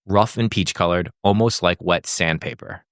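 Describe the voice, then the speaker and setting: Low-voiced guy hosting a podcast, swears a lot, dry mic. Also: normal speed, no echo. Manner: casual, swears, laughs at his own lines. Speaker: podcast host telling the story. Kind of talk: casual storytelling podcast.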